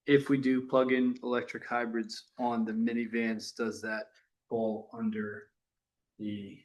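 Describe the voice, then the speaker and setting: A man's voice: mid-range voice, level tone, a little slow. A man on a school board asking a hesitant, tentative question at a public meeting.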